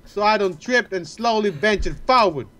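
A man's voice: sits high, expressive, normal speed, bright, forceful tone. A man reading game text aloud in a mock southern country drawl, cracking crude jokes with a friend. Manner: crude, jokey. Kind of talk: casual gaming banter and dramatic reading.

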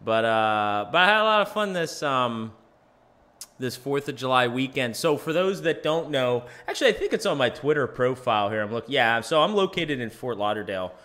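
A man's voice: mid-range voice, lively intonation, moderate pace, a bit bright. A man hosting his own podcast in a rambling, self-deprecating, chatty monologue. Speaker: podcast host.

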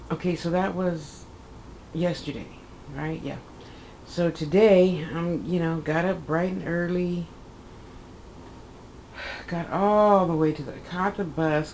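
Chatty low-voiced woman in her fifties. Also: darkish tone, slight background noise, low-quality recording. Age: 50s. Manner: rambling, chatty, self-correcting, acts out her own quotes. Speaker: vlogger. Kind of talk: casual personal vlog storytelling.

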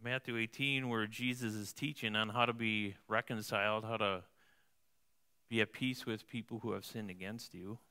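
Man, pastor, sermon, bright voice, smooth and resonant, conversational preaching. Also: fairly low pitch, fairly even intonation, moderate pace. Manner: conversational preaching, tags lines with "right?". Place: church.

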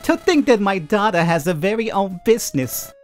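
A man voicing an excited, fussy middle-aged mother in a high, gushing put-on voice for a game. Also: moderate pace, faint music behind.

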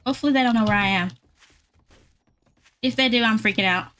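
A woman giving casual gameplay commentary, chatting to her viewers and getting excitable during fights. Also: on the high side, fairly quick. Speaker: gaming YouTuber.

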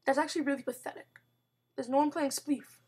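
A young woman chatting excitably over her gameplay, with sudden outbursts and playful mock growls. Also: sits high, fast. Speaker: gamer narrating gameplay. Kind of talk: casual let's-play commentary.

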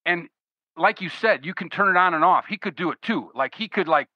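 A man's voice: high-pitched, fairly quick, sharp tone, no echo. A man hosting a podcast in a casual, encouraging way, often calling his guest "man". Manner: laid-back, affirming, says "man" often. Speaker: podcast host. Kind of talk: casual interview chat. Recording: dry, dull lo-fi podcast audio.

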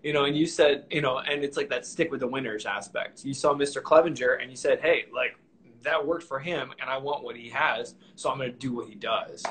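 A man's voice: medium pitch, fairly quick, a bit bright, poor audio. A man hosting a casual video call chat, laid-back and agreeable, using casual slang. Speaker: host horn player.

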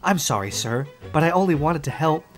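A gentle old tram engine, as a man puts him on for a storybook, soft-spoken, wistful and apologetic, lifting his voice brightly when thrilled. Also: fairly high pitch, animated, brisk, music in the background, voice pushed up, close to an everyday voice.

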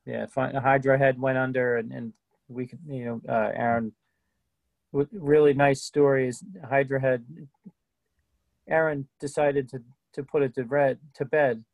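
A man's voice: mid-range voice, flat delivery, a little slow, gravelly, no room sound, dull audio. A middle-aged man, a guest musician on a video call, telling stories in a laid-back way with frequent restarts. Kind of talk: casual interview chat.

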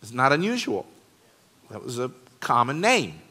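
Male pastor, bright forceful tone, chatty sermon delivery with emphatic stresses. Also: mid-range voice, very animated, moderate pace, breathy edge. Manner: conversational, rising to emphatic stresses. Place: church.

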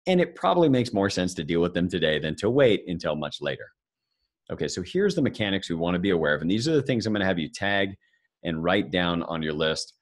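A man's voice: deep voice, very animated, fast talker. A man giving a live financial seminar, talking conversationally and joking with the audience. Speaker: financial speaker presenting to an audience.

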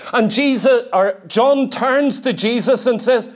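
A man preaching a sermon in a church, emphatic and questioning, at times dropping to a quiet, intense delivery. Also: high voice, lively intonation, moderate pace. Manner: emphatic, asks the congregation direct questions.

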